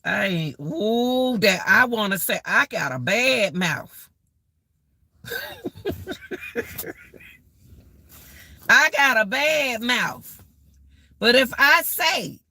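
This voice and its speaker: A woman's voice: on the high side, vocal fry, sharp tone, dry recording, studio quality. A middle-aged woman hosting a casual live-stream rant, exclaiming and repeating herself as she talks straight to her viewers.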